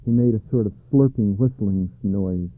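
A man reads a storybook aloud in a calm, measured way, his voice on the low side. The sound is dry and narrow, like it comes over a phone line. Nothing of a room is heard. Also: no room sound. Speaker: narrator. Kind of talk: storybook reading.

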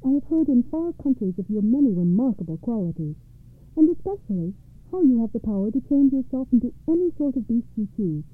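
A woman voicing a sly, smooth-talking male cat who speaks politely and coaxingly. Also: on the high side, very animated, fairly quick, no echo. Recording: tinny phone-like radio sound.

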